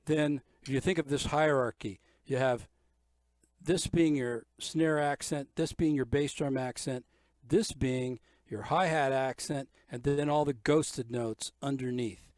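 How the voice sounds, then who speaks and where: A man's voice: mid-range voice, steady tone, measured pace, a little mellow, dry recording. An older man giving a drum lesson, explaining ideas step by step and counting beats aloud. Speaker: drum teacher. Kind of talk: drum clinic instruction. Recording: music from the drum kit in the background.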